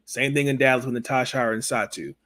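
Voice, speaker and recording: A man's voice: medium pitch, fairly quick, a bit bright. Hesitant male podcast host on video call. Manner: hesitant, repeats words, many fillers. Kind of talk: casual interview chat.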